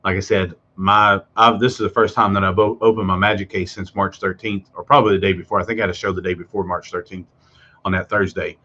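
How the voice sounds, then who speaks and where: A man's voice: low voice, flat delivery, quick pace, bright, forceful tone. A middle-aged man, a children's magician, performing magic tricks for kids on a video stream from a room at home, chatting in a rambling way with many ums and restarts. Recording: distant, dull home video sound.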